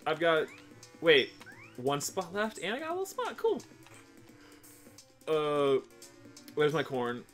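A man's voice: on the high side, wildly swooping pitch, takes it slowly, long pauses, a bit bright, faint music behind. Sarcastic young man playing a game. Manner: joking, sarcastic, mocking voices. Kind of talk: casual gaming chat.

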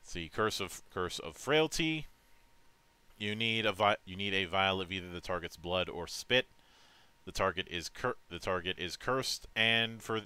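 A man reading tabletop game rules aloud on a stream, halting and restarting as he goes. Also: deep voice, bright, forceful tone, clean tone, no echo. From United States. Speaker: vtuber game master.

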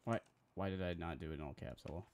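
A man's voice: low-pitched, quick pace, a little mellow. A young man streaming live as he designs graphics, talking to himself in a casual, profane way and getting easily frustrated.

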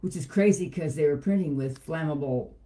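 A woman with a mellow, slightly hoarse voice who talks in a chatty, rambling way. She tells stories in loose, meandering sentences in casual conversation. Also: low voice, fairly quick. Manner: chatty, rambling storyteller, laughs easily. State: hoarse, a frog in her throat. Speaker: co-host. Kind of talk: casual chat.

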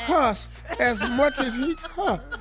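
A male morning radio host speaks slowly in a very high, animated voice from the studio. Laid-back and slangy, he keeps saying "dog" and "man" while telling stories and offering casual motivational talk.

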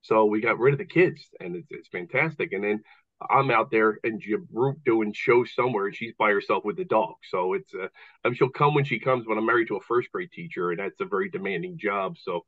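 A man, a comedian telling stories as a guest on an interview, self-deprecating and quick to restart his sentences. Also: lowish voice. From Philadelphia. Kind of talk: casual interview storytelling. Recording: tinny phone-like call line.

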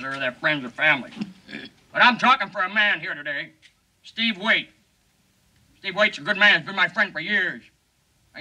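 Man doing a shifty campaign pitchman, high bright voice, glib folksy patter, 1950s comedy bit. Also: heavily acted, low-quality recording. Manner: glib, folksy, over-earnest sales patter. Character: fast-talking male campaign pitchman, shifty.

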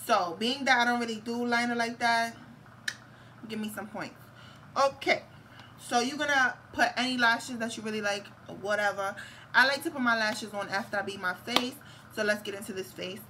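A woman's voice: a little high, moderate pace, sharp tone, slight background noise, poor audio. A young woman, chatting casually and candidly through a makeup tutorial, swearing and laughing often. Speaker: beauty vlogger. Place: room at home with a fan on.

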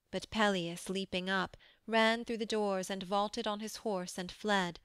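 Lady narrating an old poem audiobook, solemn and measured, slow smooth voice, dry close sound. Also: mid-range voice, steady tone, fairly bright tone, no echo. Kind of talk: scripted narration of a verse poem.

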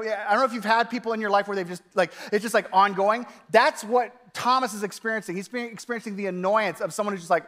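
High-voiced pastor preaching in an echoey church. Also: male voice, quick pace, hardly any pauses. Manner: conversational, animated, frequent "like" fillers. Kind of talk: sermon.

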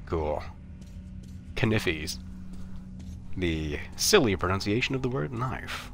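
A sarcastic man rambling through casual gameplay commentary and swearing freely. His voice is on the low side but very lively in pitch. Clear gunfire and engine noise from the game run behind him. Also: normal speed. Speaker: let's play host.

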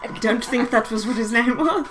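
A woman's voice: a little high, fairly quick. A woman chatting casually while playing a game, giggly and teasing, laughing often. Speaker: game player. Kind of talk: casual let's-play chat.

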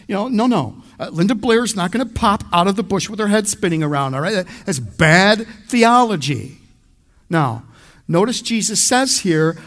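A man's voice: high-pitched, animated, normal speed, fairly bright tone. Male pastor with a slightly raised voice, conversational but punchy verse-by-verse preaching. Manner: emphatic, conversational, addresses the congregation directly. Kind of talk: expository sermon.

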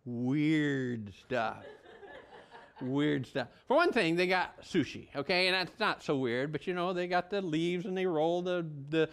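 A man's voice: high voice, normal speed, hardly any pauses, a bit bright, smooth. A male pastor giving a conversational sermon in a folksy, rambling way, often restarting his sentences and drifting into asides.

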